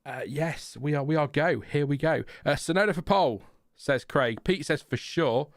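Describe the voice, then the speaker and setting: A man's voice: fairly high pitch, moderate pace, dry recording, clean studio sound. A man hosting a casual live watchalong, rambling and chatty with lots of fillers and laughs. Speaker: livestream host.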